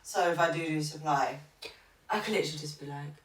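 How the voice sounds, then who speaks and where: A woman's voice: low-pitched, fast, far from the mic. A woman co-hosting a podcast, chatting casually and rambling with many fillers and restarts. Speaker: podcast co-host. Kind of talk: casual chat. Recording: roomy, off-mic sound.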